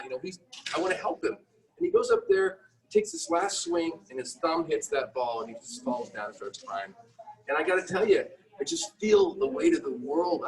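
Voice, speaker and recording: Lively-pitched middle-aged man telling a candid story. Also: far from the mic, poor audio. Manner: emotional, self-deprecating, halting restarts. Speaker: guest entrepreneur.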